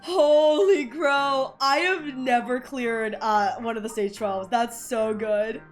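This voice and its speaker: Brief: high-voiced woman gamer, excitable live commentary, game music playing under her. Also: unhurried. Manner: excitable, gasping and shrieking at wins. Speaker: game streamer. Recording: voice over loud game music.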